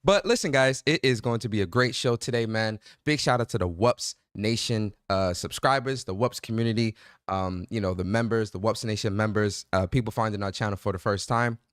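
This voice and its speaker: A man with a New York accent hosting a casual gaming podcast, introducing his co-host with loud, playful hype. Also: fairly low pitch, a little fast, clear, resonant tone, no room sound, clean studio sound.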